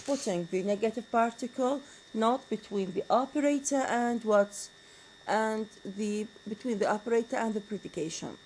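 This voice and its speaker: A woman's voice: a little high, moderate pace, darkish tone, a little hiss or hum, rough recording. Woman lecturing on grammar. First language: Arabic. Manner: switches between English and Arabic, asks rhetorical questions. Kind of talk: university lecture.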